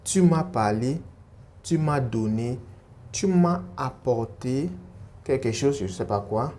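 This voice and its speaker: A man's voice: medium pitch, moderate pace, warm tone. A man teaching a French grammar lesson in English, explaining step by step, repeating key points with emphasis.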